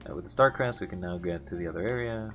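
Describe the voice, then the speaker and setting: A man's voice: deep voice, fast talker, music in the background. A young man hosting a casual let's play, reading the game's text aloud with big dramatic swings and muttering asides.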